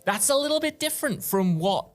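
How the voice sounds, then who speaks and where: British man hosting a lively podcast. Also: high-pitched, fairly quick. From Britain. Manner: animated, nostalgic enthusiasm. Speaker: podcast host. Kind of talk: casual podcast chat.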